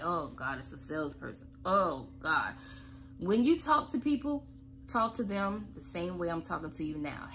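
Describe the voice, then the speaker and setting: A woman's voice: mid-range voice, fairly bright tone, a little hiss or hum. A woman who owns a cleaning business, giving blunt, sassy, folksy coaching tips to camera.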